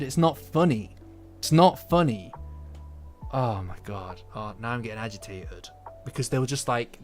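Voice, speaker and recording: A British man chatting casually to his stream audience, rambling, swearing and getting worked up. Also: medium pitch. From Britain. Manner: rambling, profane, quickly agitated. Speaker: anime commentator. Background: faint lo-fi music.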